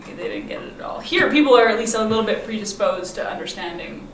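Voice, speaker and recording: A woman's voice: medium pitch, expressive, fast talker, a little hiss or hum. A woman guest chatting casually in an interview, laughing often and filling her talk with "like". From grew up mostly in the United States. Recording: echoey room, mic from far off.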